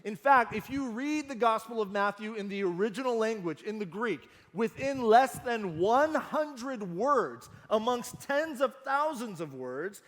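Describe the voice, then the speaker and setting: A male pastor preaching a sermon, earnest and emphatic, slowing down to stress key phrases. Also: high voice, animated, a bit bright, big-room sound.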